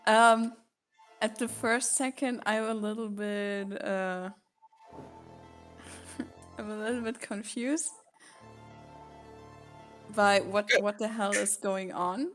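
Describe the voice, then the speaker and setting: A woman's voice: medium pitch, fairly even intonation, slow, long pauses, a bit bright, soft background music. A woman playing a tabletop game, who speaks hesitantly and giggles as she asks questions. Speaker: player.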